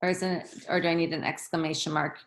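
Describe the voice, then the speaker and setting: A woman's voice: low-pitched, little pitch movement, fast. A woman teaching young children a lesson, patient and encouraging. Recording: echoey room.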